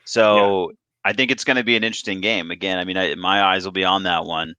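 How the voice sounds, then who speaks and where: Man, low voice, bright crisp tone, dry close sound, casual sports chat. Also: fairly even intonation, fairly quick, no echo, highs cut off. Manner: rambling, self-interrupting, restarts often. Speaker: podcast co-host.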